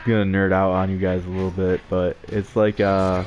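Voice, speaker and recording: A man's voice: deep voice, level tone, a little fast, darkish tone, muffled recording. A young man giving casual, rambling commentary over his gameplay, with frequent filler words and chuckles. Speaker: let's play gamer.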